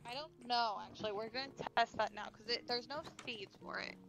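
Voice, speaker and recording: A woman chatting casually while playing a video game, easygoing and quick to laugh. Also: fairly high pitch, background noise. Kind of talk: casual gameplay chat.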